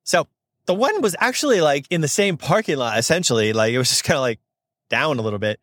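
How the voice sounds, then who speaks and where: Talking fast in a high, expressive, fairly bright voice, this young podcast host from Southern California, also a notary signing agent, spins a story with plenty of fillers. The sound is dry and clean, studio quality, and he performs the quoted voices with upbeat energy.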